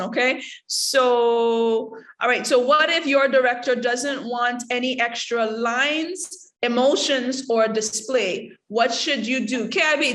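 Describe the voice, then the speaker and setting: A woman with a high, bright-pitched voice leads an acting workshop, answering students' questions. She talks in a lively, hands-on way and acts out little scenes to make her point. Her voice rings in a noticeably echoey room. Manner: lively, acts out examples with laughter. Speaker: acting teacher.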